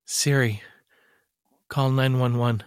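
A man narrating his own story in a halting, emotional way, stammering and repeating words. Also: mid-range voice, fairly even intonation, clear, resonant tone, no room sound. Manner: emotional and urgent. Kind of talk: scripted memoir narration.

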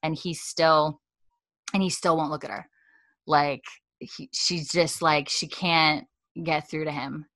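A woman with a notably low speaking voice talks through a TV episode in casual podcast chat. She retells scenes animatedly, slipping into the characters' lines. Her talk is loose and filler-heavy. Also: slow. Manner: animated retelling, acting out dialogue with lots of "like" and "um". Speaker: podcast co-host recapping a TV episode.

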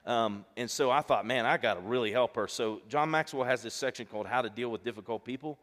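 A middle-aged male pastor preaching a sermon in a relaxed, conversational way, telling family stories and acting out the dialogue. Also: mid-range voice, quick pace. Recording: long reverb of a large hall.

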